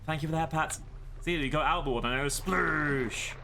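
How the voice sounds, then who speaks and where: A playful British man talking through a live game stream, his voice bright and sharp. He rambles easily and jokes with his chat, with a faint hiss of noise underneath. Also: a little high, fairly quick, gravelly. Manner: playful, chatty, talks to chat.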